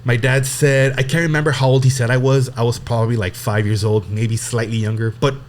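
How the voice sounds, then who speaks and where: A man's voice: mid-range voice, level tone, brisk. A young man telling a personal story in casual podcast chat, rambling with lots of fillers and restarts and casual swearing.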